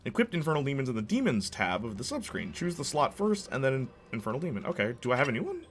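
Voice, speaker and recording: A man's voice: mid-range voice, sing-song, fast, a little hiss or hum. A man giving casual let's-play commentary, rambling and enthusiastic with many fillers. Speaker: gameplay commentator.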